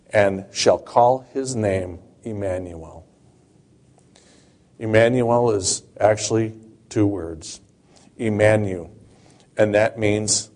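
A man preaching a sermon, reading Bible verses aloud and explaining them in a slow, measured way. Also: lowish voice, darkish tone.

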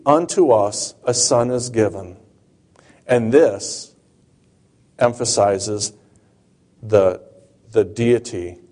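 A man preaching a sermon, reading Bible verses aloud and explaining them in a slow, measured way. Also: lowish voice, darkish tone.

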